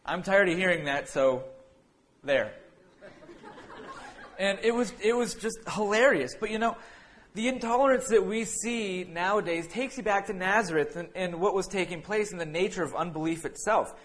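A man's voice: high voice, brisk, fairly bright tone. Rambling, anecdotal man preaching a sermon. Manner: rambling anecdotal telling with many restarts and fillers; breaks into laughter while telling a funny story. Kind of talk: casual storytelling sermon.

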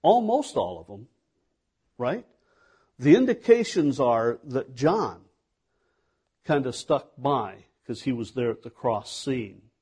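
A male pastor delivers a sermon at an unhurried pace. His voice is mellow and a little husky, and he speaks conversationally, putting questions to his listeners. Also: mid-range voice, very animated. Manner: conversational preaching with rhetorical questions.

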